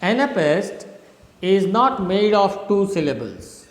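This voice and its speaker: A middle-aged man from India lectures very slowly and deliberately, repeating and spelling out words for his students. His voice sits a little high for a man. The room rings with a long, echoing reverb. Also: sing-song, creaky. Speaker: English literature professor. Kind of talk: recorded lecture.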